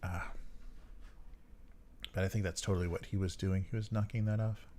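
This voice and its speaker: A man's voice: sits low, fairly even intonation, normal speed, warm tone, slight background noise. A man co-hosting a podcast in casual chat, rambling with many fillers and frequent chuckles. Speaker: podcast co-host. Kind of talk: casual chat about tabletop games.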